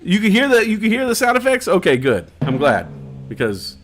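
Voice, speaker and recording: A man hosting a live-stream talk show, telling stories in a casual, profane, animated way. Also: high-pitched, brisk, slight background noise.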